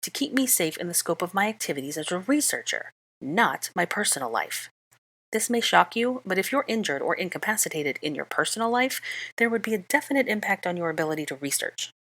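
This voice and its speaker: A woman reading the part of a clever young witch, speaking briskly with exasperation in an audiobook-style fan reading. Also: on the low side, big pitch swings, a bit bright, dry recording, pitched above the performer's own voice, exaggerated voice. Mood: exasperated.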